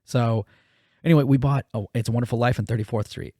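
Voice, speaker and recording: A man's voice: medium pitch, steady tone, fast, warm tone, no echo, clean studio sound. A man co-hosting a podcast, telling a story in casual, profane chat and acting out the quotes. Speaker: podcast co-host.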